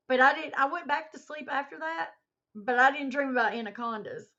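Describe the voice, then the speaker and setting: A woman's voice: high-pitched, moderate pace. Chatty woman livestreaming, muffled lo-fi sound. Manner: animated storyteller, reads chat aloud. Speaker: livestream host. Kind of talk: casual livestream chat. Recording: muffled lo-fi stream audio.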